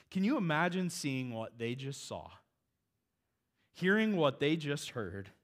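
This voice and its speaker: Guy preaching, kinda high voice, chatty and animated like he's talking to friends. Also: slow. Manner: conversational, animated preaching with casual asides. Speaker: pastor. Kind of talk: sermon.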